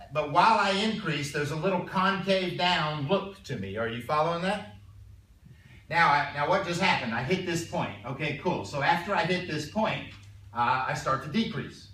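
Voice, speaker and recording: Chatty math teacher in an echoey classroom. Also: male voice, a little high, pushed and bright, a little hiss or hum. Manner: chatty, repeats words, clears throat often. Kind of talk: classroom lecture. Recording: echoey room, mic far off.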